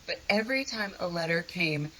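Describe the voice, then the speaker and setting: Woman with a bright, forceful voice. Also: fairly low pitch, lively intonation, moderate pace, slight background noise, poor audio. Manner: earnest, conversational, self-deprecating. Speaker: guest sharing a personal testimony. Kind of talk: candid personal storytelling.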